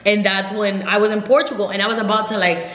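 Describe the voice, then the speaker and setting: A woman's voice: mid-range voice, fast, muffled recording. Chatty young woman in an echoey room. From United States. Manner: rambling, filler-heavy, lively retelling. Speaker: vlogger. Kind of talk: casual storytime chat. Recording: roomy echo.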